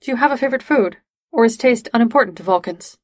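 A woman reading aloud, voicing an eager, chatty young man who asks lively, casual questions. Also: a little high, fast talker, no echo, voice pushed up. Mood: curious.

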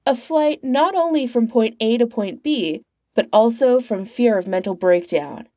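A woman doing an eerie calm male narrator. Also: a little high, no room sound, studio quality. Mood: ominous. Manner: calm, ominous, slow.

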